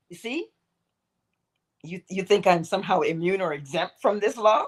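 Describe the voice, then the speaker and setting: A woman hosting an inspirational morning livestream, talking in an animated, emphatic way and laughing often. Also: mid-range voice, moderate pace. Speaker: host.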